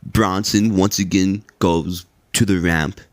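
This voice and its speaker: Laid-back low-voiced man recapping wrestling. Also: steady tone, slow pace, no room sound. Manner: laid-back, rambling, frequent "like" and cursing. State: sleepy. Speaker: podcast host.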